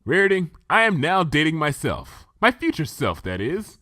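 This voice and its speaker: A man's voice: on the high side, wildly swooping pitch, moderate pace, sharp tone, dry recording, clean studio sound, pitched above the performer's own voice, heavily acted. A man voicing an earnest young female unicorn in a fan story reading.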